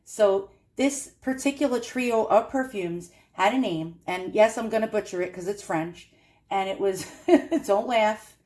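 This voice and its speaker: A woman's voice: mid-range voice, a little slow, darkish tone. Chatty New York woman. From Queens, New York. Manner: chatty, self-deprecating, laughs often. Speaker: antiques collector vlogger. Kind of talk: casual show-and-tell vlog.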